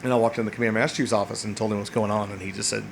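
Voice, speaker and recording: A man's voice: lowish voice, fairly even intonation, very fast, gravelly, a little hiss or hum. A man in his forties, a Navy veteran hosting a podcast, who tells a rambling story full of swearing, fillers and restarts. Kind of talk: casual storytelling monologue.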